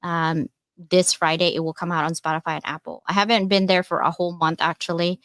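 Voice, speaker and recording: A woman hosting a casual panel chat, rambling with many asides and acting out quoted dialogue in lively bursts. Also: on the low side, fairly quick, dry recording.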